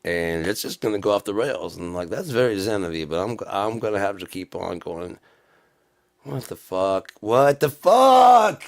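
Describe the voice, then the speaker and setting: Deep gravelly man, profane and rambling. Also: moderate pace. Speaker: channel host. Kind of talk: rambling vlog monologue.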